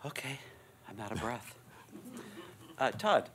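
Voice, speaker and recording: A man chairing a city preservation board meeting, speaking haltingly with many fillers and restarts into a desk microphone in a city hall chamber. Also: mid-range voice, sing-song, noisy background. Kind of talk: public meeting remarks.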